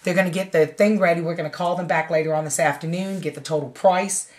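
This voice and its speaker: A woman's voice: on the low side, fairly even intonation, quick pace, a little mellow. Chatty, blunt woman in her forties. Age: 40s. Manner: chatty, blunt, swears freely, laughs while telling. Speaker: vlogger. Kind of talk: casual storytelling to camera.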